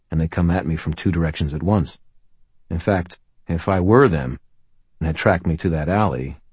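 A man narrating a first-person audiobook in a dry, wry storytelling manner with steady pacing. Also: low-pitched, slightly rough, no room sound.

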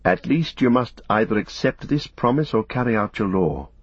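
A man's voice: lowish voice, lively intonation, normal speed, breathy edge, no echo. A man voicing an earnest, polite young male hero in an audiobook, speaking courteously and formally. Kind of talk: audiobook character voice. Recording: dull, dry studio recording.

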